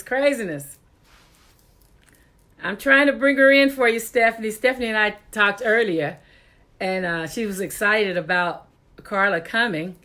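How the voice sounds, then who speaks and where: A woman's voice: mid-range voice, fairly bright tone. A woman hosting a casual live-stream talk show, chatty, laughing often and exasperated at technical glitches, talking into a computer mic.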